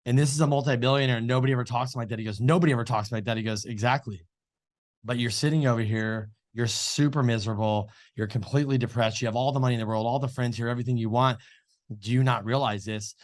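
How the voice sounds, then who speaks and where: Chatting casually as an interview show co-host, this man rambles through a story full of fillers and reported dialogue. He speaks quickly at medium pitch with fairly even intonation.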